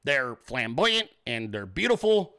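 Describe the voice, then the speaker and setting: A man in his forties hosting a show, telling stories in a swearing, animated rant. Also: mid-range voice, unhurried, smooth. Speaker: show host. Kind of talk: profane ranting monologue.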